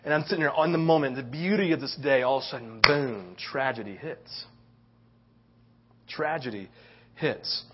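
A man's voice: medium pitch, quick pace, hardly any pauses. A middle-aged man preaching a sermon, telling a story with lots of "right?" tag questions. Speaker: pastor. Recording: dull lo-fi sound.

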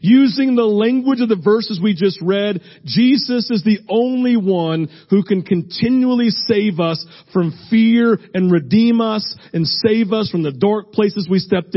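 A pastor delivers a sermon in a fairly high, emphatic voice, leaning on repeated phrases. The recording sounds dull and lo-fi. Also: male voice.

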